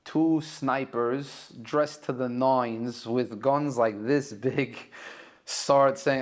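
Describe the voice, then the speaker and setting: A man with a New York accent, a caterer telling a story as a podcast guest and acting out the dialogue in excited, raised voices. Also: mid-range voice, slow pace. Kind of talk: animated storytelling.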